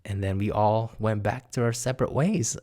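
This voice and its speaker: A young man casually telling a true spooky story to his viewers, animated and laughing as he acts out what people said. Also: lowish voice, normal speed. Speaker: storyteller vlogger.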